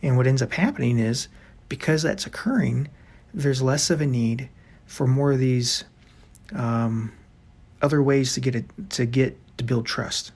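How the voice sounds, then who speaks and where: Guy coaching couples, kinda gravelly and husky, talks earnest and rambly. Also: mid-range voice, a little slow, darkish tone. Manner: earnest, rambling with many "you know"s. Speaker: relationship coach. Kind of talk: advice monologue.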